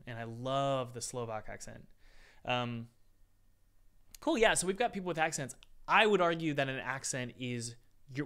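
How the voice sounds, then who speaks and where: A man's voice: mid-range voice, a bit bright. A man hosting a live-stream Q&A, chatty and upbeat, calling his viewers guys. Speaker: game dev course host answering live chat.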